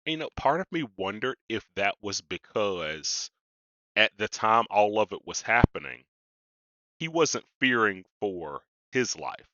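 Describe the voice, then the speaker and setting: Male podcast co-host, casual talker, lowish bright voice, slightly muffled recording. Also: big pitch swings, a little slow, no echo. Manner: casual and conversational, uses "like" often. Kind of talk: casual discussion of comics and psychology.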